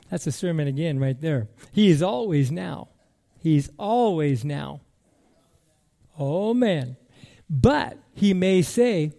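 A man preaching a sermon as pastor, emphatic and repetitive, moving between loud declarations and quiet musing. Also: a little high, animated, takes it slowly, vocal fry, long pauses.

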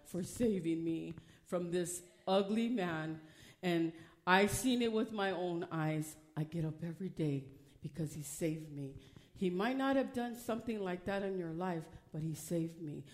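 A woman preaching a personal testimony, swinging from hushed storytelling to loud, emotional preaching. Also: lowish voice. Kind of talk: testimony sermon.

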